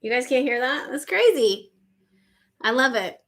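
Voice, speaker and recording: Bright-voiced effusive woman hosting a live chat. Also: sits high, animated, moderate pace. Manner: effusive, repeats phrases to savor them, laughs often. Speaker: livestream host. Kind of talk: casual live chat, reading viewer comments aloud.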